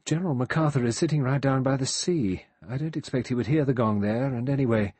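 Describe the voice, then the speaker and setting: A man voicing a nervous young woman in an audiobook, speaking quickly and hesitantly. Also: medium pitch, darkish tone, slightly rough, no room sound, voice pushed up, natural voice. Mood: hurried.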